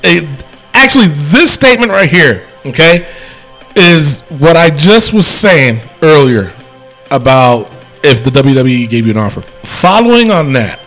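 A man co-hosting a casual wrestling podcast, talking in an animated, rambling way with restarts. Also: a little high, a little slow, faint music behind, rough recording. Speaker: podcast co-host.

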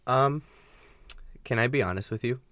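A man co-hosting a casual gaming podcast, relaxed and full of fillers, laughing often. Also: mid-range voice, normal speed, dry recording. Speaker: podcast co-host. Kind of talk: casual chat.

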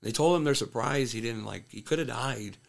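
A man's voice: mid-range voice, brisk, vocal fry. A man, a fighter and trainer, talking casually as an interview guest and telling stories loosely, with lots of "like" and restarts. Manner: loose storytelling with frequent "like" and restarts. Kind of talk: casual sit-down conversation.

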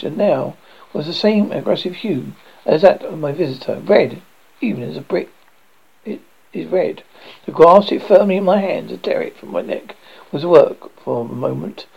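A man's voice: on the high side, gravelly, slightly rough. A man reading a first-person horror story aloud, with a dramatic delivery and some slips and restarts. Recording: dull lo-fi recording.

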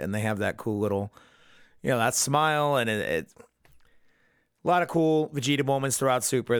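A man's voice: lowish voice, a bit bright, no room sound, studio quality. A young man hosting a podcast, giving a casual, profanity-laced, enthusiastic fan recap of a cartoon episode. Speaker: podcast host.

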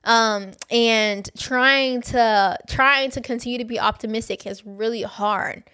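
A woman's voice: on the high side, unhurried, bright, forceful tone, clean tone. A woman hosting a faith podcast, candidly telling a personal story and talking straight to her listeners. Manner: candid and conversational, addresses listeners as y'all. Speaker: podcast host.

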